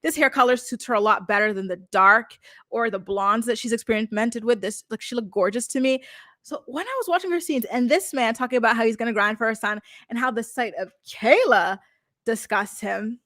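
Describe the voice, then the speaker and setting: A woman's voice: fairly high pitch, fairly quick, a bit bright, dry recording, studio quality. Giggly chatty young woman. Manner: chatty, giggly, dramatic asides to viewers. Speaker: streamer recapping a reality show. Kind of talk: casual livestream commentary.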